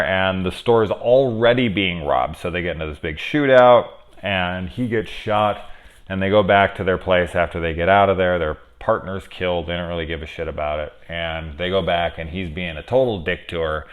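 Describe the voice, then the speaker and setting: A low-voiced man talks through a horror episode in a loose, rambling way at home, close to his camera. He swears freely and slips into the characters' lines as he retells scenes. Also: moderate pace, phone-quality sound. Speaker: horror TV reviewer. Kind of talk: casual spoken episode review. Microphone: camera mic very close.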